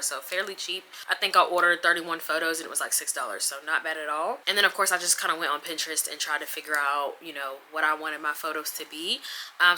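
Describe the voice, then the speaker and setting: A woman's voice: fairly low pitch, bright, forceful tone, slight background noise. A young woman chatting casually to camera in a vlog, dramatic and talking to viewers as y'all. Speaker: vlogger. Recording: echoey room.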